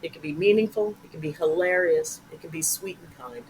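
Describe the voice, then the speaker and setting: An older woman, a guest improviser, telling animated stories in a casual interview and swearing freely. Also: sits low, fairly quick, a little hiss or hum, poor audio.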